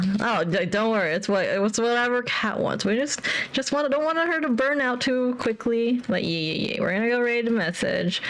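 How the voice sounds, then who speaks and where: Young female streamer, loose rambling chat, habitually repeats words. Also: fairly high pitch. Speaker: livestreamer.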